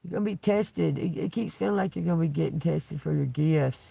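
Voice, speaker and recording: A man's voice: on the high side, brisk, vocal fry, mellow, husky, no room sound. A man giving a tarot reading on a live stream, rambling and cursing freely, with frequent chuckles. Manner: rambling, profane, chuckles often. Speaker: tarot reader.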